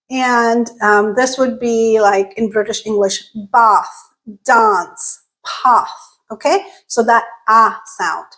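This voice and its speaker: A woman with a fairly high voice teaches pronunciation at a slow, deliberate pace. She sounds out each example word with care and keeps checking in with her listeners. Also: rough recording. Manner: patient, checks in often with "okay?"; models sounds by repeating example words. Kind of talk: slow explanatory lesson.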